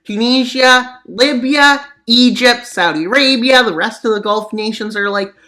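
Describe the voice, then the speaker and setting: Narrating a map scenario for his channel, the host delivers tongue-in-cheek geopolitical commentary full of sarcastic asides and mock-serious muttering. The voice is bright and forceful, a little slow, leaping up for punchlines and sinking low when he mutters.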